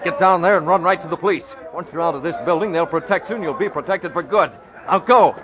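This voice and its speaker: An actor playing a calm, commanding masked vigilante who gives quick, urgent instructions, in an old radio drama. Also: male voice, high-pitched, lightly acted. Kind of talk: 1940s radio acting. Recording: dull lo-fi old radio recording.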